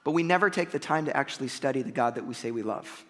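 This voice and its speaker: A man preaching a sermon as pastor, energetic and conversational, talking straight to the congregation. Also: medium pitch, fast talker, long reverb tail.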